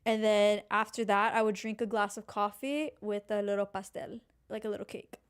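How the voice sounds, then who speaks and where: A woman's voice: mid-range voice, fairly even intonation, normal speed, smooth. A woman co-hosting a podcast, chatting in a playful, crude and teasing way. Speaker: podcast co-host. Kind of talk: casual podcast chat.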